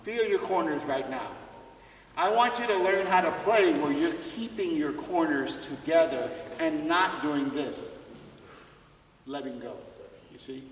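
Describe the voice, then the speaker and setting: Guy running a jazz clinic, kinda high voice, chatty, far off in a big echoey hall. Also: unhurried, a little hiss or hum. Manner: conversational, asks students questions, laughs often. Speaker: visiting jazz trumpet clinician. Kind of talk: teaching a clinic. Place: school music room or hall.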